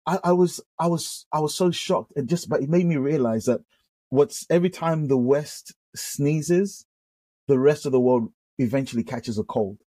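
A British man, a pastor, sharing his testimony in conversation, animated and full of quick restarts. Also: on the high side, no room sound. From United Kingdom. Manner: animated storyteller with frequent restarts. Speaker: pastor, guest.

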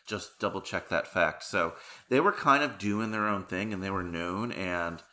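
Guy hosting a movie podcast, low-ish voice but bright, laughs a lot. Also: normal speed. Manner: enthusiastic, laughs often. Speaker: podcast host. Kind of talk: casual movie discussion.

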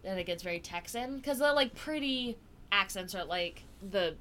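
A young woman with a bright, clear tone trades crude, playful jokes in a relaxed podcast chat. She giggles through her banter. A faint hiss and room ambience sit behind her. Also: mid-range voice, moderate pace. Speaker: podcast co-host. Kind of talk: casual chat.

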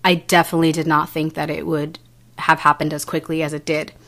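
A young woman speaking as an interview guest in a fairly low voice, earnest and halting. She restarts often and leans on fillers as she tells a personal story. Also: little pitch movement, fairly bright tone.

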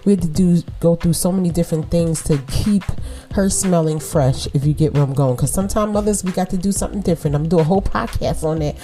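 Emphatic woman with a mellow low voice. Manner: emphatic, repeats words for stress, laughs often. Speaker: podcast host and mother. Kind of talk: casual motivational monologue.

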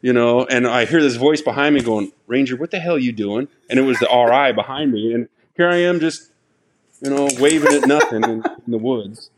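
Animated storytelling veteran man. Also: mid-range voice, a little fast, a little hiss or hum. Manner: animated storyteller, acts out quotes, laughs through stories. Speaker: guest, Army Ranger veteran. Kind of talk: casual podcast storytelling.

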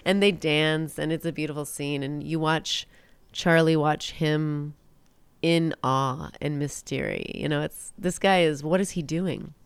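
A woman's voice: deep voice, steady tone, a little slow, smooth, no room sound. A woman in casual chat, animatedly retelling a film plot and acting out the characters' lines. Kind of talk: casual movie recap chat.

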